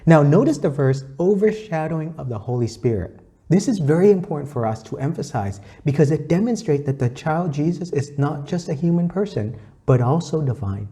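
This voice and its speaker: A man's voice: fairly high pitch, animated, a little fast, warm tone. A man giving a weekly gospel reflection, earnest and teacherly, quoting scripture and repeating his key points. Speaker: faith reflection speaker.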